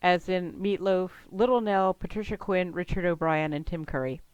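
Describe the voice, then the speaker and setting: A chatty woman narrates a tabletop game as its game master, often breaking into laughter. Her voice sits fairly low for a woman. The sound is dry and close, with no room echo. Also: normal speed, clear, resonant tone, highs cut off.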